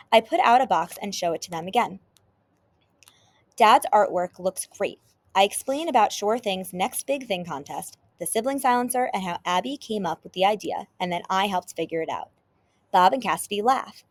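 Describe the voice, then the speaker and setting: A woman teacher with a mid-range voice reads a children's chapter book aloud at a moderate pace, telling the story expressively.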